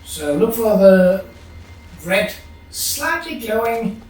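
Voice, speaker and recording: With faint music in the background, a let's play gamer chats over gameplay, musing, muttering to themself and humming now and again. The medium-pitched voice swings widely in pitch, takes its time and sounds a little mellow. The mic is distant and off-mic, in a very echoey room with faint hiss.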